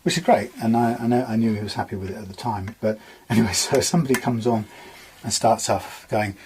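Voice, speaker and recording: A man's voice: lowish voice, fairly even intonation, a little fast, darkish tone, a little hiss or hum. A man with an English accent chatting casually about a guitar repair in his workshop, rambling and bemused, laughing often.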